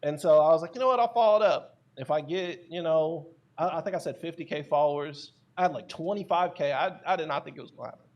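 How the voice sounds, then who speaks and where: Man, podcast guest, animated storytelling, slightly high pitch, fillers and restarts. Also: quick pace, highs cut off. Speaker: guest, content creator. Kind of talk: casual podcast interview.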